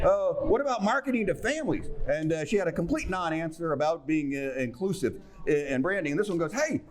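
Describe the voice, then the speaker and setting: A man giving a wry, casual recap of a meeting, dry and sarcastic, full of hesitant fillers. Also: high voice. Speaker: local politics commentator.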